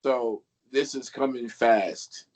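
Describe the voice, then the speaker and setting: A man's voice: medium pitch, fairly even intonation, slow, darkish tone. A man co-hosting a casual wrestling podcast, teasing the others and questioning them. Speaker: podcast co-host.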